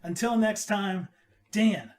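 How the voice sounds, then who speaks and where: Guy with a pretty high voice hosting a chatty podcast, upbeat, teasing, keeps restarting lines. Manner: energetic, teasing, quick restarts. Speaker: radio show host. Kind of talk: casual podcast chat.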